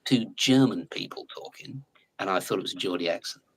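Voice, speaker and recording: An English man telling stories in a casual live chat, animated, laughing often and slipping into other accents. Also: low-pitched, a little fast, vocal fry, slightly rough, poor audio. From England. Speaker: actor guest.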